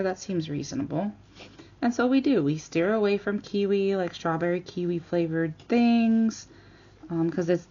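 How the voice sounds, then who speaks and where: A woman's voice: fairly low pitch, vocal fry, muffled recording. Chatty woman telling a story while crafting. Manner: chatty, animated retelling with quoted voices. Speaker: crafting vlogger.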